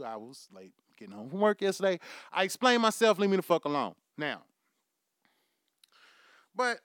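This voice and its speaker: High-voiced man on a profane comic rant. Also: smooth, no room sound, clean studio sound. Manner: animated, swearing freely, laughing at his own jokes. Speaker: podcast host. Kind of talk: profane comedic monologue.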